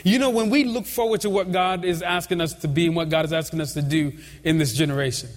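A male pastor preaching a sermon with a fairly high voice. He talks in a loose, chatty way, chuckling and tossing asides to the congregation. His voice carries a long reverb, as in a church hall. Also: steady tone, quick pace.

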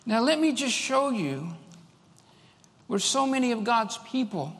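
A man delivers a fervent sermon in a high voice, repeating key lines and pushing up to shouts. His voice rings with the long reverb of a large hall. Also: sing-song, measured pace. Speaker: preacher.

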